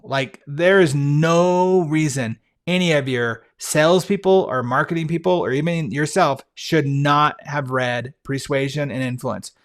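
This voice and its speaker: A man hosting a podcast, talking through book picks in a casual, enthusiastic way, with frequent fillers and restarts. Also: medium pitch. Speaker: podcast host. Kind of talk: casual monologue recommending books.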